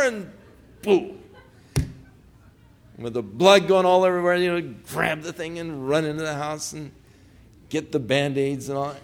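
A man preaching a sermon, telling a folksy personal story, then dropping from loud proclamation to hushed pleading. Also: a little high, unhurried, long pauses. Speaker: pastor.

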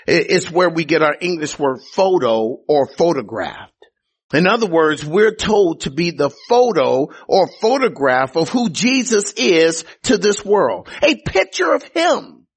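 A man's voice: high-pitched, husky. A male pastor preaching a sermon, emphatic and repetitive, with teasing asides to the congregation. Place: church sanctuary.

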